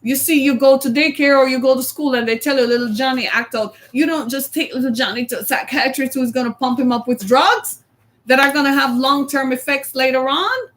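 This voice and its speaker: A high-pitched, middle-aged woman giving a motivational talk. She speaks emphatically, keeps coming back to a single key word, and acts out quotes for her audience. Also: fairly quick, a bit bright.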